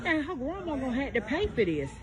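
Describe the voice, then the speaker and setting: A woman exclaiming to her viewers while she films a phone video, loud and exasperated. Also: high-pitched, sing-song, fast, a crowd in the background.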